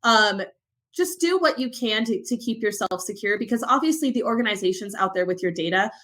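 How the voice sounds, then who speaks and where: A young woman co-hosting a podcast, talking in an animated, emphatic way as she rants about security advice. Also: medium pitch, brisk. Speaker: podcast co-host. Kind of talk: casual podcast chat.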